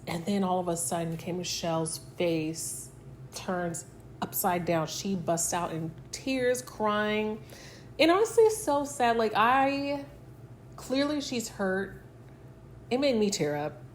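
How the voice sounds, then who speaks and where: A woman talks through a reality show episode in a loose, chatty recap. Her voice sits in an ordinary middle range, and she slips into quick little impressions of the cast as she retells scenes. A faint noise runs underneath. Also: medium pitch. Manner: chatty, filler-heavy retelling that acts out quotes. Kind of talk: casual recap chat.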